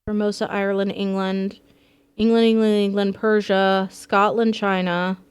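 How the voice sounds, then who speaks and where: A woman's voice: mid-range voice, little pitch movement, normal speed, clear, resonant tone. A woman streaming a game live, chatting playfully and swearing freely as she thinks aloud. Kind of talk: casual live gameplay commentary.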